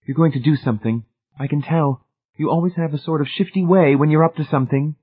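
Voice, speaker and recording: A man's voice: a little high, fast talker, husky, voice pushed up. A man reading aloud, voicing an anxious young woman who pleads urgently. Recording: tinny phone-like band.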